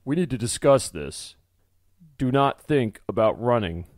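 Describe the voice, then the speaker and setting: A man's voice: medium pitch, moderate pace, darkish tone, dry recording, clean studio sound, natural voice. A man voicing a stern, commanding master blacksmith who issues threats and orders. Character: stern powdered-wigged male master blacksmith.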